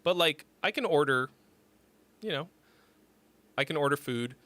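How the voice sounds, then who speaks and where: A man's voice: on the high side, lively intonation, unhurried, sharp tone. A man in his forties hosting a song critique livestream, chatting casually in a rambling, profane way that breaks off and restarts. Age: 40s. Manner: rambling, profane, self-interrupting.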